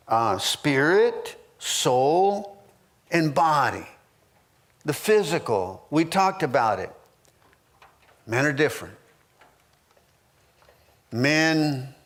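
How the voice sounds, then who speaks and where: A man's voice: on the high side, fairly bright tone. A man in his sixties, a pastor teaching a marriage class in church, earnest and repetitive with frequent restarts.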